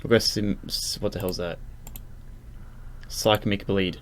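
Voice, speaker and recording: A young man with a lowish, fairly monotone voice walks through a synth tutorial in a loose, rambling way, full of ums and restarts. Loud electronic music plays behind him. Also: slow. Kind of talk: casual screen-recorded tutorial. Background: loud synth music and keyboard typing.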